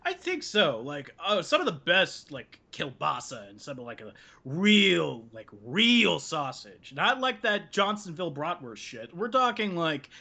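Profane ranting woman, lively pitch. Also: unhurried, gravelly, few pauses. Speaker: podcast co-host. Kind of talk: casual chat.

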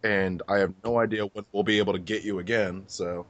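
A man's voice: fairly low pitch, steady tone, fairly quick, highs cut off, slight background noise. A man hosting a podcast in a casual chat, teasing his guest with joking banter. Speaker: podcast host.

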